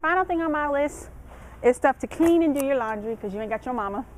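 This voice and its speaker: A woman's voice: sits high, expressive, quick pace, loud music behind the voice, low-quality recording. Chatty woman giving dorm tips. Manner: chatty, laughs often, colloquial. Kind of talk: casual advice vlog.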